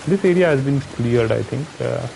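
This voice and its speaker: A man's voice: medium pitch, lively intonation, moderate pace, vocal fry, darkish tone, slight background noise, rough recording. A man from India with an Indian accent, giving casual commentary on his own gameplay, muttering to himself and chatting with viewers. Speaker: streamer.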